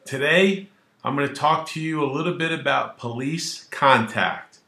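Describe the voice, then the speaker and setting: A male attorney with a gravelly, sharp, somewhat high voice explains the law at a normal pace in a roomy-sounding space. It's a casual legal explainer video talked straight to camera, full of colloquial wisecracks and acted-out dialogue.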